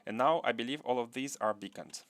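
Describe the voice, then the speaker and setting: A man's voice: mid-range voice, a little fast, a bit bright, a little hiss or hum. A man hosting a live gameplay stream. He thinks aloud, repeats his phrases, chuckles often and chats with viewers. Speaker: gaming livestream host.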